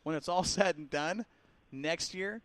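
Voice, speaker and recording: A man hosting a casual racing talk show, an animated storyteller who laughs a lot and acts out quotes. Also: fairly high pitch, unhurried. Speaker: radio show host.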